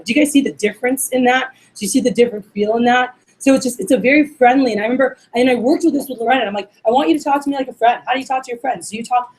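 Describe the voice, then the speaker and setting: A woman's voice: on the high side, rapid-fire, hardly any pauses, darkish tone, rough recording. A woman running a workplace training session for receptionists, chatting casually and acting out sample phone calls. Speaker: office manager training receptionists.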